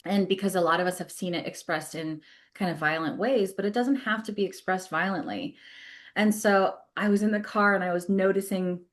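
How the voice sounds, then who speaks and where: A woman's voice: medium pitch, fairly quick. A woman therapist talking in a casual podcast conversation, thoughtful, laughing easily and using plenty of fillers. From California. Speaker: therapist guest.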